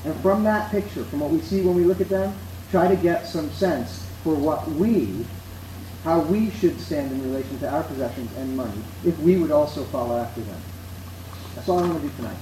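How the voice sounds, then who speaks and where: A man preaching a sermon to a seated congregation, in a measured, conversational way that puts questions to his listeners. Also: on the high side, dark tone, recorded from a distance. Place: church hall with seated congregation. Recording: echoey room, faint background noise.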